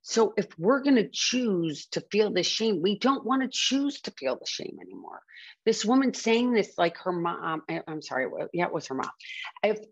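A woman's voice: mid-range voice, very animated, normal speed, creaky, husky, dull audio. A woman hosting a podcast, talking candidly and earnestly about her own recovery, often circling back and restarting her sentences. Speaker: podcast host. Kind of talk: candid personal talk on addiction recovery.

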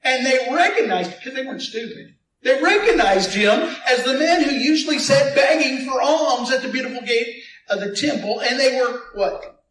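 A male pastor preaching in a fairly high voice, animated and playful, calling on the congregation to answer him. The sound is roomy and echoey, and he seems set back from the mic. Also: moderate pace, recorded from a distance, slight background noise. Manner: animated preaching with call-and-response and playful asides. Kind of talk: sermon.

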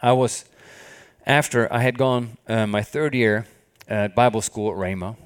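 Man, preacher, fervent sermon, frequent hallelujahs, medium-pitched voice. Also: unhurried, clean tone. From not from the country where he studied. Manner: fervent, repeats hallelujah often.

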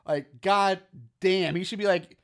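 A man's voice: high voice, fairly even intonation, a little slow. A man co-hosting a podcast, rambling through crude, laughing asides about a horror movie. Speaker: podcast co-host. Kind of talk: casual profane movie discussion.

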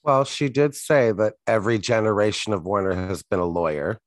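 A man's voice: on the low side, expressive, fairly quick, dry recording. A man co-hosting a podcast, chatting casually and wryly about a TV episode, often in brief replies. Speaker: podcast co-host. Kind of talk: casual chat recapping a TV episode.

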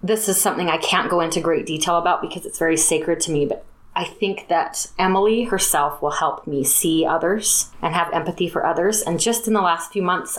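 A middle-aged woman, a podcast guest, telling a personal story in an earnest, heartfelt, reflective way. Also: lowish voice.

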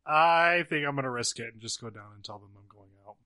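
A man's voice: mid-range voice, a little fast, bright, forceful tone, dry recording. Earnest male tabletop player. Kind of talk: in-character role-play in a tabletop game.

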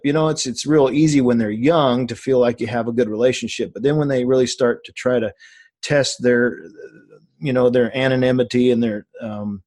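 Halting man hosting a talk show. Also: mid-range voice, a little mellow. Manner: halting, searching for words. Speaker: host. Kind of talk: casual interview chat.

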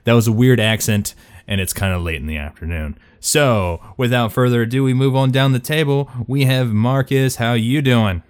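A man's voice: medium pitch, normal speed, smooth. A man hosting a tabletop role-play podcast, joking and rambling as he introduces the players. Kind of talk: casual chat.

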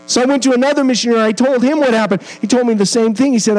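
A man with a notably high voice preaches at a church, telling a story from his missionary work. He mixes earnest conviction with self-deprecating jokes, reliving each moment as he goes. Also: rapid-fire, hardly any pauses, a little mellow, poor audio. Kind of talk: storytelling sermon.

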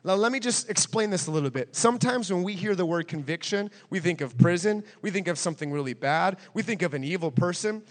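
A pastor preaching an emphatic sermon and driving points home with repetition and questions to the congregation. His voice sits high for a man. It rings with the long reverb of a big hall.

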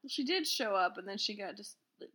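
Bright-voiced woman podcast co-host. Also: medium pitch, lively intonation, a little fast. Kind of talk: casual chat.

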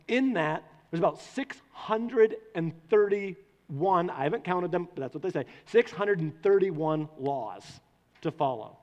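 A man preaching a sermon to a congregation, animated and putting questions to the listeners. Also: on the high side. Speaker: pastor. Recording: long hall reverb.

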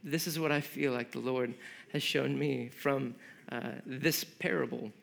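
A man's voice: mid-range voice, fairly even intonation, measured pace, vocal fry, fairly bright tone. A man preaching a sermon in an earnest, conversational way. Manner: earnest, conversational with fillers and restarts. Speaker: pastor.

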